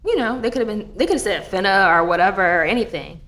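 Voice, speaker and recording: A young woman in casual chat, animated and swearing freely, with many fillers. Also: medium pitch, quick pace. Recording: echoey room.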